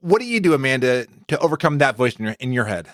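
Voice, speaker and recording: A man's voice: mid-range voice, sing-song, fast, fairly bright tone. A man hosting a podcast interview, often stammering and repeating his words. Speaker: podcast host.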